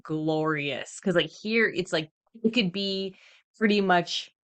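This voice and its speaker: A woman's voice: mid-range voice, unhurried, a bit bright. A Canadian woman hosting a podcast, chatting casually with lots of fillers and laughs. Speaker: podcast host. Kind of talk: casual chat.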